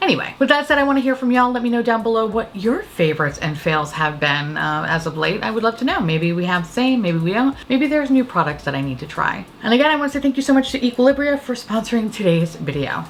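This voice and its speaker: A woman's voice: fairly high pitch, animated, fast talker, hardly any pauses, a little hiss or hum. A woman with a New York accent reviewing beauty products in a casual, profane and sarcastic way. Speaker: beauty vlogger.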